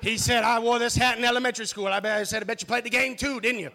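Brash high gravelly male comic. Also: steady tone, racing, crowd noise. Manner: brash, punchy joke delivery. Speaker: stand-up comic in a debate show. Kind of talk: crude roast-style stand-up. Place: comedy club stage.

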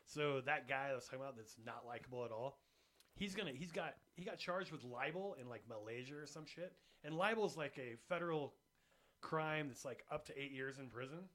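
A man's voice: mid-range voice, a little fast. A young man hosting a comedy podcast, talking casually and ranting with lots of swearing. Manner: profane, ranting, animated. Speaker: podcast host.

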